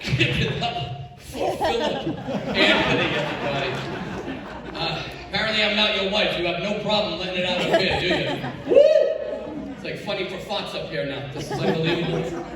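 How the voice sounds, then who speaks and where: Headliner comic, man, very high voice, booming hall, rowdy crowd and noise. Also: huge pitch swings, moderate pace. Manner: rambling, self-mocking, exaggerated storytelling. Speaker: comedy show headliner and emcee. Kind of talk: stand-up set. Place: high school auditorium stage. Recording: echoey auditorium from far off, loud crowd.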